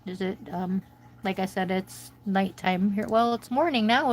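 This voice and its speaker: In an unhurried mid-range voice, an American streamer chats and rambles with viewers while coloring at home on a casual livestream. The recording is rough.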